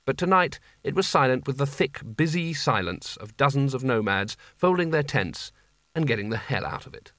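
Expressive male storyteller reading a comic novel. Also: mid-range voice, moderate pace, no room sound. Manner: expressive, wry storytelling delivery. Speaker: audiobook narrator. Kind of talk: scripted narration of a comic fantasy novel.

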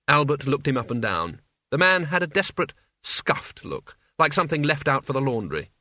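A man's voice: medium pitch, sing-song, normal speed, bright, forceful tone, dry recording, clean studio sound. Man narrating a comic fantasy audiobook. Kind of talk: scripted narration.

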